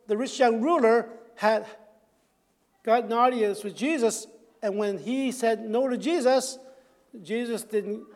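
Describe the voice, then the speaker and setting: High-pitched preacher guy telling a bible story, acts out the voices, chuckles a lot, long echoey hall reverb. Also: gravelly, a little mellow. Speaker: pastor. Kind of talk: sermon.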